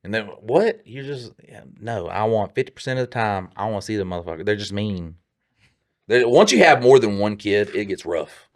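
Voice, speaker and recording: A man's voice: fairly low pitch, lively intonation, brisk. A man co-hosting a podcast in casual chat, blunt and profane, joking around. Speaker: podcast co-host.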